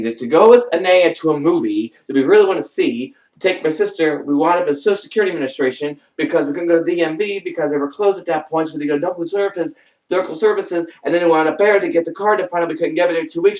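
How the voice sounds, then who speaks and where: A young man rambles through his personal stories with animated energy. His voice sits a little high for a man. It comes across set back from the mic, in a room with a noticeable echo. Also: quick pace, distant mic. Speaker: vlogger. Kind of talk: casual storytelling.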